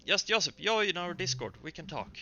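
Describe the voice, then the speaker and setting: A man narrating as game master of a streamed tabletop game, relaxed and halting with fillers. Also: sits high, dull audio, faint music behind.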